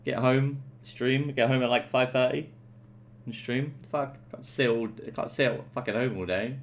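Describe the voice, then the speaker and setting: A man's voice: medium pitch, fairly even intonation, normal speed. A young man streaming from home, chatting casually as he plays, laid-back and jokey with plenty of swearing. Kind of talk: casual live-stream commentary.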